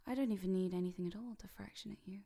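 A woman leading a playful hypnosis induction, teasing and mischievous, sliding between a soft whisper and a brighter speaking voice. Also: mid-range voice, rapid-fire, gravelly.

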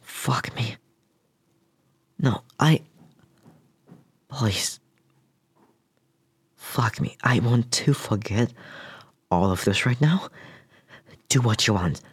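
A man's voice: medium pitch, lively intonation, takes it slowly, pauses often, slightly rough, no room sound. A man in an intimate whispered role-play, speaking hesitantly to the listener and often dropping to a whisper.

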